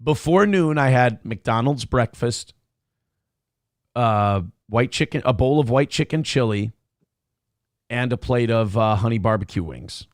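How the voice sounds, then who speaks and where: Hosting a casual morning talk show, a man reads viewer messages aloud while rambling and poking fun at himself. His medium-pitched voice is animated but a little slow. The audio is studio quality with no echo.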